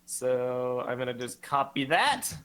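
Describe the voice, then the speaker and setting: A man's voice: mid-range voice, big pitch swings, unhurried, sharp tone. A man hosting a casual livestream podcast, joking and teasing his co-host.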